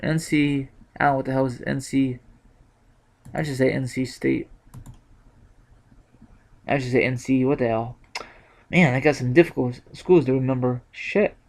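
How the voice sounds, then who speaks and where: A man's voice: mid-range voice, steady tone, moderate pace, vocal fry, long pauses, darkish tone. A young man in a casual vlog, thinking aloud with lots of ums and self-corrections. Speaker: YouTuber sharing bracket picks.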